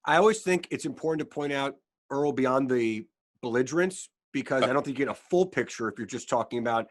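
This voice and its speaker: A man's voice: mid-range voice, expressive, brisk. A male podcast host posing conversational questions to a guest. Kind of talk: interview questions.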